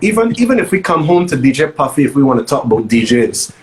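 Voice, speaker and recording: In a low-quality recording, a man from Barbados appears as a guest DJ in a casual interview, telling animated stories with emphatic repeats. He has a medium-pitched voice and a quick pace.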